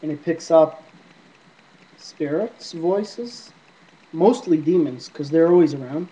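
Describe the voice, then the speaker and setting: A man's voice: a little high, slow pace, warm tone, breathy edge. Rambling man on a dull lo-fi recording. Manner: rambling, talks back to unseen spirits. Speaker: paranormal app vlogger. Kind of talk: casual rambling monologue to camera. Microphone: iPod camera mic.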